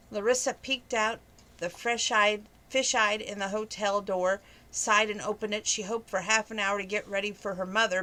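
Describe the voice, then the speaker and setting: A woman's voice: medium pitch, bright, forceful tone. A woman reading a novel aloud in a conversational way, with small stumbles now and then. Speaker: reader.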